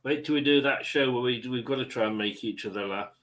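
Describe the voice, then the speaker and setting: A man hosting a football watchalong, giving excitable casual commentary on the match and laughing easily. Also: mid-range voice, quick pace. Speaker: watchalong host.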